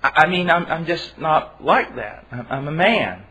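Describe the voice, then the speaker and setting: A man preaching a sermon in an earnest, emphatic way, with halting restarts. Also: on the high side, very animated, sharp tone, breathy edge. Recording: dull lo-fi recording.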